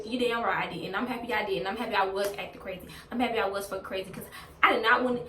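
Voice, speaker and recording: A woman's voice: on the high side, very fast, bright, forceful tone, slight background noise. A woman telling a storytime on her vlog in a blunt, heavily profane, venting way. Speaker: vlogger. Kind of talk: casual storytime rant. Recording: roomy, distant from mic.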